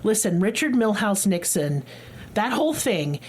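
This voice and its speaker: A woman's voice: medium pitch, big pitch swings, moderate pace. A woman, co-hosting a podcast in a blunt, profane, joking way. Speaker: podcast co-host. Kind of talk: casual chat.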